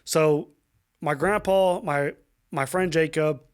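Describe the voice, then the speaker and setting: A young adult man, a podcast guest, telling a painful personal story in a halting, emotional way with many fillers, restarts and swearing. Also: on the high side, clear, resonant tone.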